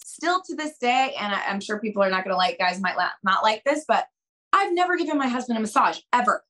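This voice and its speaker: Woman, young adult, podcast guest, expressive, plays out quoted dialogue. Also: fairly high pitch, fast. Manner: expressive, acts out quoted dialogue, addresses listeners as girls. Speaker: podcast guest, dating coach. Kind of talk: animated podcast advice talk.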